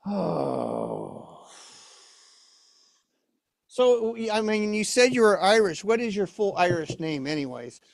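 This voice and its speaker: A man's voice: sits high, normal speed, few pauses, no room sound. Man, ventriloquist comedy act, flustered straight man, dry close sound.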